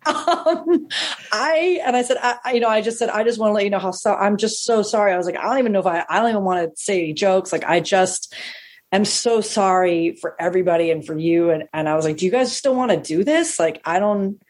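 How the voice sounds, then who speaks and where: A woman comedian telling a long profane anecdote, animated and acting out the people she quotes. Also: medium pitch, brisk. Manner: animated, acts out quoted voices, swears freely. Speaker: stand-up comedian.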